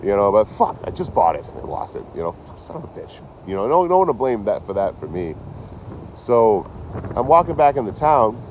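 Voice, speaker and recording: A man's voice: on the low side, normal speed, slight background noise. A man casually recounting a run-in with police in a profane, rambling vlog, quoting the people he met. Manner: rambling, profane, animated retelling with quoted dialogue. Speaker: vlogger. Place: outdoors near trees and a road. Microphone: handheld phone.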